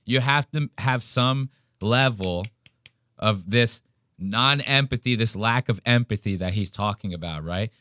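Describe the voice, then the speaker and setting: A man's voice: fairly low pitch, a little slow, bright, forceful tone, clear, resonant tone, dry recording, studio quality. A man hosting a podcast, ranting and mocking a clip in profane casual commentary. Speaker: podcast host reacting to a clip.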